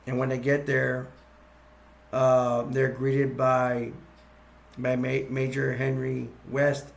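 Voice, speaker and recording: A man casually retelling a movie plot, rambling and halting with many fillers. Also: mid-range voice, completely flat delivery, gravelly. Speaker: movie recap youtuber.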